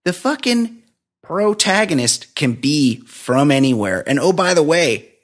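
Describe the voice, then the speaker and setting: A man's voice: fairly high pitch, sing-song, a little slow. A man co-hosting a podcast, chatting loosely about a movie. He is sarcastic and profane and laughs often. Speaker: podcast co-host. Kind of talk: casual movie review chat.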